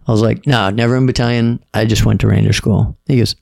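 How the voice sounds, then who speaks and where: A middle-aged man, a podcast guest, telling stories in a relaxed, casual way and quoting other people's lines. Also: medium pitch, fairly quick, gravelly, few pauses, no room sound, studio quality. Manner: laid-back storyteller, quotes others in dialogue. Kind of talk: casual storytelling.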